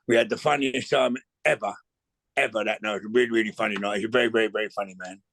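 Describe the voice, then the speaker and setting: A man's voice: lowish voice, steady tone, quick pace, creaky, a bit bright, no echo. A middle-aged man, telling rambling stories as a guest in a casual chat, swearing freely and often restarting his sentences.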